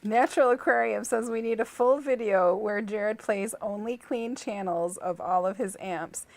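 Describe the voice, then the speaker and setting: A woman co-hosting a livestream, reading viewer comments aloud quickly and giggling often. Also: medium pitch, gravelly, a little mellow. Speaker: co-host reading chat messages.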